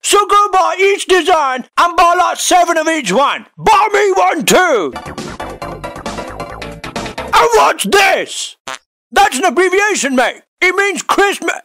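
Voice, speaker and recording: A man voicing a brash, crude, indignant Jesus as a laddish bloke, ranting and shouting in a comedy sketch. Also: extremely high pitch, sing-song, slow pace, soft background music, full character voice. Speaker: comedy YouTuber.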